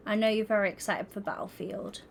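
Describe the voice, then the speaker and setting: A woman's voice: mid-range voice, steady tone, a little fast, vocal fry, a little hiss or hum. A young woman streaming, chatting casually and giggling as she talks to her viewers. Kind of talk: casual livestream chat while gaming.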